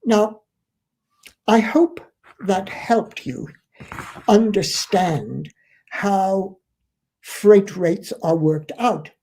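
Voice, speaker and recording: A man's voice: high voice, lively intonation, drawn-out words, long pauses, warm tone. A man explaining shipping costs as a trainer, earnest and emphatic, repeating key points to drive them home. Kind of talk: instructional explanation.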